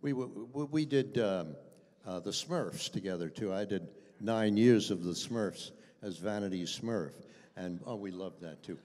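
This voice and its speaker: An older man, a voice actor guest at a fan panel, tells anecdotes during a convention Q&A in an echoey panel room. His voice is lowish and darkish in tone, animated and measured in pace, and he's chatty, self-deprecating and given to chuckling.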